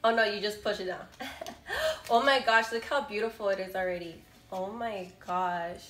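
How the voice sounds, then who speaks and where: A young woman vlogger, a bit sick, gushing excitedly to viewers as she unboxes a gift at home on her camera mic. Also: medium pitch, moderate pace. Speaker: beauty vlogger. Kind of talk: unboxing first impressions. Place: room at home with a window. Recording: echoey room, faint background music.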